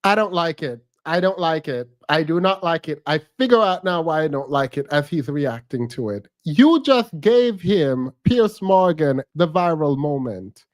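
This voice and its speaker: A man's voice: fairly high pitch, lively intonation, measured pace, few pauses, no room sound. A man commenting on a video clip in a frank, teasing way, thinking aloud as he reacts.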